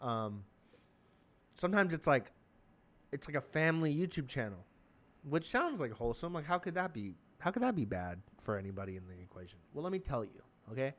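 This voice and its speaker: A young man hosting a comedy podcast, rambling through an excitable, profane monologue. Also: medium pitch, a little fast.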